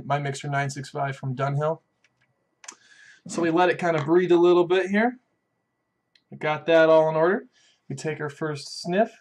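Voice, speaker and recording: A man hosting a casual beer and pipe review, folksy and relaxed as he walks through each tasting step. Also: fairly high pitch. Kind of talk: casual chat.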